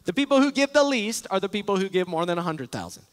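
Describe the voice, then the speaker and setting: A man's voice: high-pitched, very animated, fast, clear, resonant tone. A man preaching a sermon as a pastor, earnest and emphatic, repeating key phrases. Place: large church sanctuary. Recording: echoey church hall.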